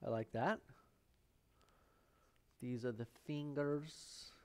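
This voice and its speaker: Recorded in a painting studio, the host of a live painting show draws out his words in a medium-pitched, slightly mellow voice. He rambles and jokes to himself as he paints, keeping up a steady demonstration chat.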